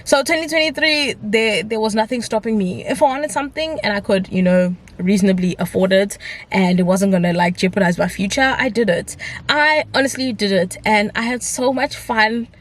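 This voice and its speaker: A woman's voice: mid-range voice, normal speed. A young woman in her twenties chatting casually to camera in a rambling, upbeat way. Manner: chatty, rambling, upbeat, mixes in isiZulu phrases. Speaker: vlogger.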